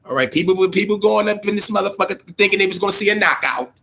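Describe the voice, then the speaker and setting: High, bright-voiced man ranting about boxing. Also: fast talker, vocal fry. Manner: animated, profane, repeats words and says "man" and "all right?" often. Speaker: boxing podcast host. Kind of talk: casual profane boxing commentary.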